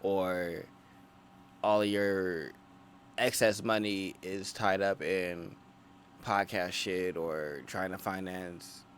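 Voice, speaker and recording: A man co-hosting a podcast, talking through his views in a measured way with many restarts. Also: low voice, fairly even intonation, fairly bright tone, slight background noise. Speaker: podcast co-host. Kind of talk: casual podcast chat.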